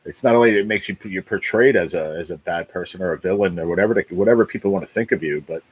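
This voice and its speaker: A man's voice: low voice, fast talker, breathy edge, poor audio. A man in his late forties, hosting a casual livestream, talking bluntly, swearing a lot and repeating himself. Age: 40s. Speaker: livestream host.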